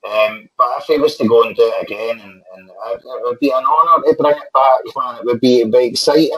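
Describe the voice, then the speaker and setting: A man's voice: mid-range voice, a little fast, crowd noise, poor audio. A middle-aged Scottish actor, a guest in a casual podcast interview, who talks with energy, repeats phrases and often ends lines with "man".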